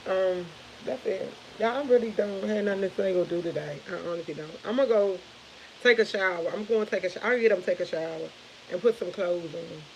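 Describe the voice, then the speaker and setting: Woman, thirties, casual morning live chat, rambling, laughs a lot, mid pitch. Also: brisk, a little mellow, slight background noise, poor audio. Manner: rambling, chatty, laughs often. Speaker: live stream host.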